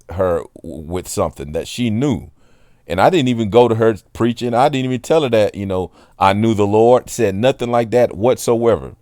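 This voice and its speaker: A man with a fairly low voice tells a personal faith testimony in a loose, conversational way. He rambles earnestly and keeps turning to the listener to check they understand. The sound is dry, with no room echo. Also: dark tone. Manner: earnest, rambling, keeps asking "you know what I'm saying". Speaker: Christian testimony speaker; water delivery driver. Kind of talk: casual spoken testimony.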